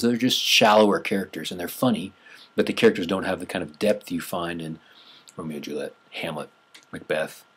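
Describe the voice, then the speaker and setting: Husky male teacher lecturing casually. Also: low voice, fairly bright tone. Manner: conversational, repeats and restarts phrases, rising emphasis on numbers. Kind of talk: classroom lecture.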